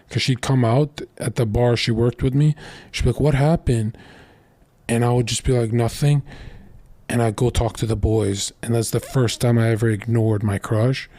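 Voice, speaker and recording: A man's voice: medium pitch, a little mellow, no room sound. A young man telling crude stories in a blunt, boastful casual monologue as a streamer.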